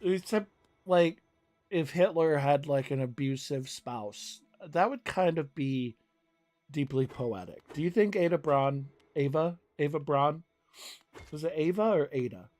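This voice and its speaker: A man's voice: fairly high pitch, a little slow, darkish tone. A young man streaming a game, chatting casually in a rambling, profane way and laughing often. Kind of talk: casual chat while gaming.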